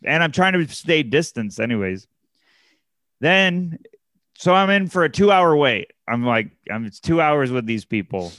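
A man's voice: fairly high pitch, big pitch swings, unhurried, a bit bright, no echo, clean studio sound. A man casually telling a long anecdote, with many fillers and restarts. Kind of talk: casual chat, storytelling.

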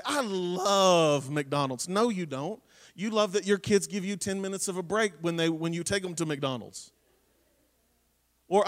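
Guy preaching a sermon, pretty high voice, big hall echo, gets loud then drops real quiet. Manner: emphatic, swings between loud preaching and quiet intensity. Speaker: pastor.

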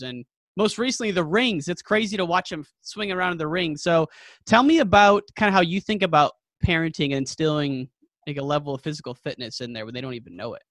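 A man's voice: fairly high pitch, fairly bright tone, dry recording. A man hosting a podcast, asking long, friendly, rambling questions in casual chat. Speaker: podcast host.

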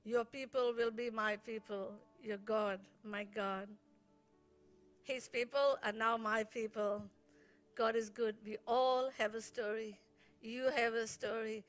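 A woman in her fifties from India, a pastor giving a slow, heartfelt personal testimony at a church service. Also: fairly high pitch, fairly even intonation, faint music behind. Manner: slow, heartfelt, playful banter with husband.

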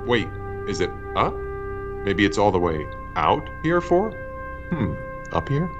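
Guy hosting a podcast, lowish voice that swings around a lot, dry nitpicky jokes. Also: big pitch swings, unhurried, dull audio, music in the background. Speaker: podcast co-host. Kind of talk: comedy skit and interview hosting.

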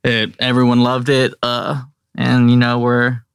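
A studio engineer chatting casually on a podcast, a man who sounds tired and low-key. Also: monotone, a little slow, vocal fry, smooth, no echo. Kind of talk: casual chat.

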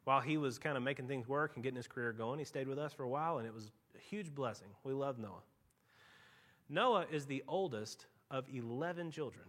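A man preaching a sermon as pastor, telling stories and swinging from quiet asides to loud, emphatic peaks. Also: medium pitch, brisk. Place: church.

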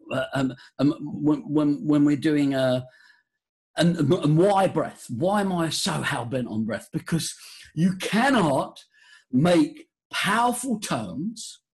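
A man talking as a voice coach guest in a podcast interview, leading a breathing exercise in a theatrical, animated way. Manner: animated, theatrical, jumps high for emphasis.

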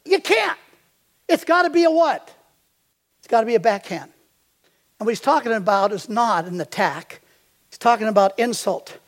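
Older male pastor, high voice, storytelling sermon, quizzes the congregation. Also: lively intonation, moderate pace, long pauses.

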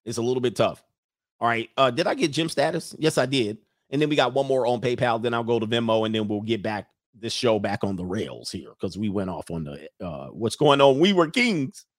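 A man's voice: lowish voice, brisk, dry recording, studio quality. A man hosting a casual livestream, joking and rambling as he reads out donations. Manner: joking, rambling, breaks into laughter. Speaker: livestream show host.

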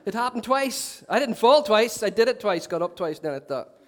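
Brief: male pastor, higher-pitched voice, loose joking sermon style. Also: lively intonation, a little fast. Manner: chatty, self-mocking humour with asides. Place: church. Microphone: handheld mic.

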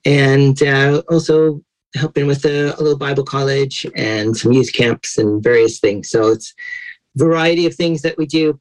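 A man's voice: medium pitch, low-quality recording. Modest man, Southern with light Irish lilt. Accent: Southern American, light Irish. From Alabama, USA. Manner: modest, easygoing. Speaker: guest, church worker. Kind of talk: casual interview chat.

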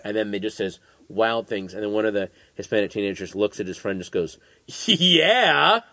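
Animated storytelling man, dry close sound. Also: on the low side, fast, no echo. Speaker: podcast guest. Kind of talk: casual chat.

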